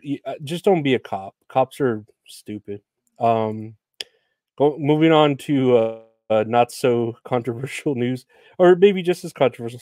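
A man's voice: mid-range voice, dark tone, no echo, clean studio sound. A young man hosting a solo podcast, rambling in a sardonic, profane way with lots of fillers. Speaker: podcast host. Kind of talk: casual solo podcast rant.

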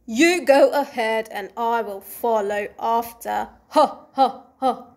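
A woman voicing a big boastful male monster who laughs loudly, in a storybook reading. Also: mid-range voice, fairly even intonation, drawn-out words.

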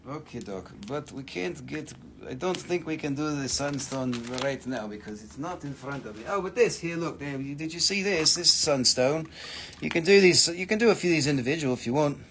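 Man, slightly high voice, casual, swears a lot, live sales host, chatty. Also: animated, a little fast, a bit bright, slight background noise. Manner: loose, profane, reads out viewer questions. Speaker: crystal seller hosting a live sale.

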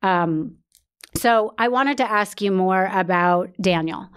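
A woman's voice: medium pitch, takes it slowly, clean tone. A woman podcast host telling a personal story in a candid, earnest way, with many fillers and restarts.

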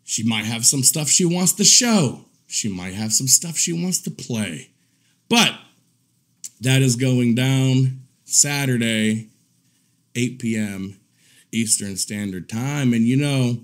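A man hosting a profane live commentary stream, mocking and crude, laughing at his own jabs and swinging between low muttering and loud indignant rants.

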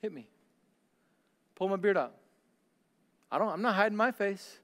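A male pastor preaching a sermon, swinging between loud declarations and hushed, slow lines. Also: high voice, in a large hall.

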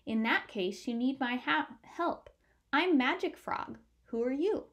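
A woman voicing a kindly magical female frog in a storybook, with a gravelly voice. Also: sits high, animated, a little slow. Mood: encouraging. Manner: kindly, encouraging.

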